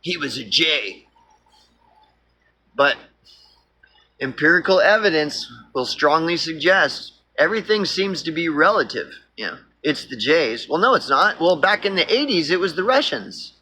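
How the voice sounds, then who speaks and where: Man with an Oklahoma accent, animated and rambling, bright husky tone. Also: on the high side, moderate pace. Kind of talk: casual political monologue.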